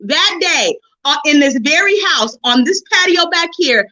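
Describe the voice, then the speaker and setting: A middle-aged woman hosting a relationship forum, telling her own story to listeners in a lively, preachy way and calling them honey and sis. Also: high-pitched, a little slow, dull audio. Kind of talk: personal testimony to listeners.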